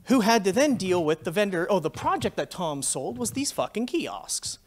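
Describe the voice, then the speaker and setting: Canadian man, forties, conference speaker, swears a lot, lively storytelling, slightly high voice. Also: normal speed. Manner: swears freely, animated storytelling. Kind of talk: profane anecdotal tech talk.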